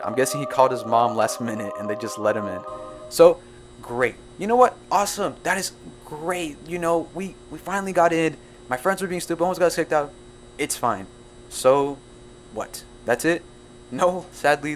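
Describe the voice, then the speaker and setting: Excitable young man telling a story. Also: on the high side, a little hiss or hum. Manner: excitable, jumpy storytelling with quick asides. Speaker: storytime YouTuber. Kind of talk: animated storytime narration.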